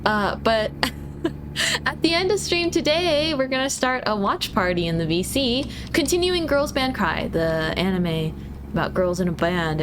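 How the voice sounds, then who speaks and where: A woman streamer giggles and teases playfully while playing a driving game, chatting casually with her audience. Her voice is on the high side, and there's noise in the background.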